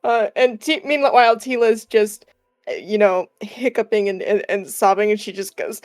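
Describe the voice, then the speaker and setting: A woman playing a tabletop game, stammering and excitable as she describes her character. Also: medium pitch, normal speed, no echo. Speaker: tabletop player. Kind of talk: casual tabletop role-play chat.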